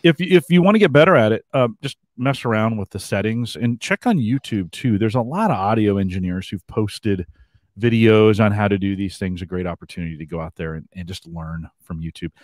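A man co-hosting a podcast, chatting in a relaxed, conversational way. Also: lowish voice, brisk, dry recording, studio quality. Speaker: podcast co-host. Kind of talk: casual podcast chat.

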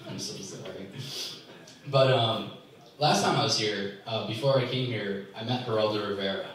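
A young man doing a stand-up comedy set in a club, ranting with exasperation and sudden jumps in pitch. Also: normal speed, fairly bright tone. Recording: echoey club from far off. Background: audience laughter.

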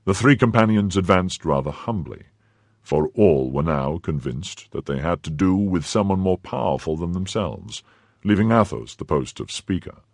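A man narrating an audiobook in a measured, expressive storytelling delivery. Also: sits low, no room sound, studio quality. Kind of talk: scripted narration.

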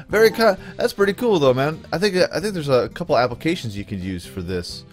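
A man's voice: fairly high pitch, expressive, a little slow, long pauses, faint music behind. A man casually commenting on his own gameplay video in a playful, goofy way, often chuckling. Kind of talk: casual let's play commentary.

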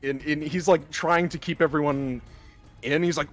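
A man narrating a tabletop game as game master, lively and animated, jumping into loud high voices for the townsfolk. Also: moderate pace, faint music behind.

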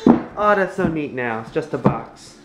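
Chatty young dad vlogging. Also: male voice, on the high side, expressive, measured pace, heavy background noise. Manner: rambling and chatty, talks straight to viewers. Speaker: family vlogger. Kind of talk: casual vlog chat.

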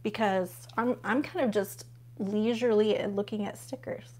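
A woman with a steady, slightly mellow mid-range voice talks at normal speed while hosting a casual unboxing livestream from home. Gushing about what comes out of the box, she keeps up a chatty conversation with her audience while turning pages.

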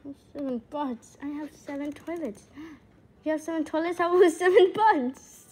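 A woman's voice: sits high, normal speed, darkish tone, natural voice. A woman voicing a silly, childish talking axolotl that giggles and repeats words over and over in a playful comedy skit. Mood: giddy.

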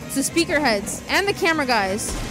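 High, lively woman reacting excitedly. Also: unhurried, over music. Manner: excitable, gasping and shouting in surprise. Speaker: reaction video host. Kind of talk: reacting to videos. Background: soundtrack of the watched video.

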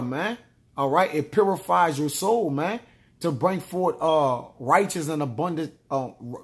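A man teaching a sermon from scripture, ending nearly every line with "man" and "all right?" and reading verses aloud slowly. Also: a little high. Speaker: preacher.

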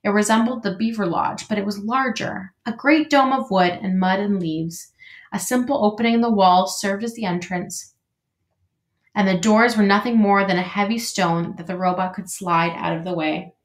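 With a mid-range voice and a moderate pace, a female teacher reads a storybook to her class in clear, steady storytelling. The room around her is echoey.

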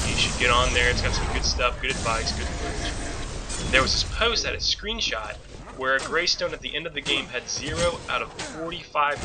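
Chatty man narrating a game tutorial. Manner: chatty, joking asides, frequent restarts. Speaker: gaming channel host. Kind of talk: casual game tutorial voice-over. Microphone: low-quality mic. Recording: noisy low-quality home recording.

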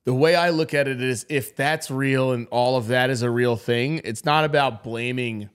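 A man's voice: medium pitch, normal speed, clean tone. Profane young man telling stories. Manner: swears a lot, storytelling with mimicked quotes. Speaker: podcast host. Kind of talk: casual podcast chat.

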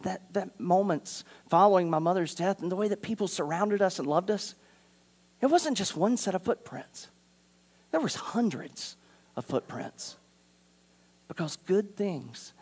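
A man pastor preaching a sermon in a church, earnest, moving from urgent appeals to hushed, quiet passages. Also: high-pitched. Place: church sanctuary.

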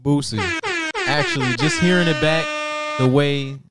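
Lively-voiced man teasing his co-host. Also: a little high, unhurried, over loud music. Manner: teasing, incredulous reactions, bursts of laughter. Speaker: podcast co-host. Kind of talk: casual chat.

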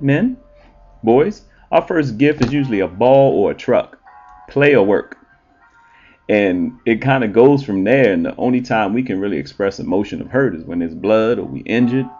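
A man hosting his own relationship show speaks in a blunt, profane and animated way, full of ums. His voice sits a little low. The recording is slightly dull and lo-fi, with faint music behind him. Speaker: entertainer and relationship show host. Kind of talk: casual monologue.

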